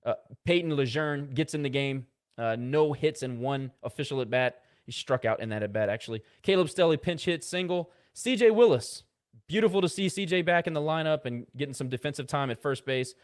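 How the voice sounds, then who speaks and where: A man co-hosting a casual sports podcast, rattling off box-score stats with quick asides. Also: fairly high pitch, expressive. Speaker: podcast co-host.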